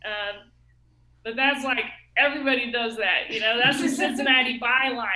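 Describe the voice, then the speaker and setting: A woman's voice: on the high side, normal speed, echoey room, a crowd in the background, poor audio. A woman in her thirties from Ohio doing a rambling, self-mocking open mic stand-up set, laughing at her own jokes. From Ohio, USA. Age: 30s. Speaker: stand-up comic.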